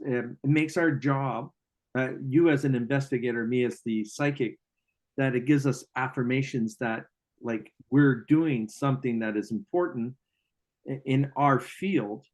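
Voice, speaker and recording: A man's voice: mid-range voice, unhurried, darkish tone. A man hosting a casual interview as a psychic medium, talking reflectively with many restarts and fillers. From Canada.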